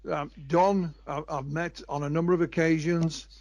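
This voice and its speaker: A man co-hosts an interview, introducing his guest and asking questions in a halting manner. His voice sits a little high for a man, and the sound is dry and close to the mic. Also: fairly even intonation, a little mellow, no room sound. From United Kingdom. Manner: halting, with fillers and restarts. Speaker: co-host. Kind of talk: interview hosting.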